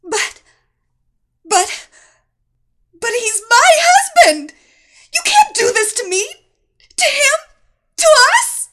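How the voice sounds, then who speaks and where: A woman voicing a desperate young wife in an audiobook, screaming in a high, tearful, shrill voice. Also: very animated, slow pace, long pauses, fairly bright tone, full character voice. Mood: hysterical. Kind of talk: audiobook character voice.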